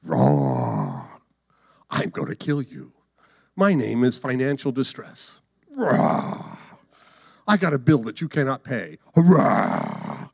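A man's voice: medium pitch, lively intonation, normal speed, no echo, clean studio sound, voice pushed down. A man acting out a young lion who roars and threatens the listener. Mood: menacing. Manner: threatening, roaring between lines. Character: menacing roaring young male lion.

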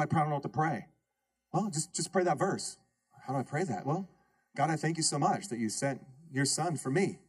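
A man preaching a lively sermon as pastor, calling out questions to his congregation. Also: on the high side, husky. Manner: call-and-response preaching, rhetorical questions to the congregation. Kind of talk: energetic sermon. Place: church sanctuary.

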